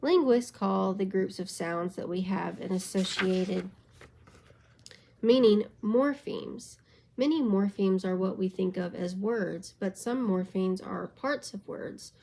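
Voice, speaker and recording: A sleep-deprived woman reading a textbook aloud late at night, in a steady voice that now and then stumbles over a word and corrects itself. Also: medium pitch, slow pace, creaky, low-quality recording. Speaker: reader of a book aloud.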